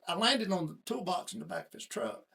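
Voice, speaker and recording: A man's voice: sits high, lively intonation, fairly quick, vocal fry, bright, forceful tone, breathy edge. A middle-aged man telling a personal story in a casual, folksy interview. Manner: folksy, plain-spoken storyteller. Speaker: guest.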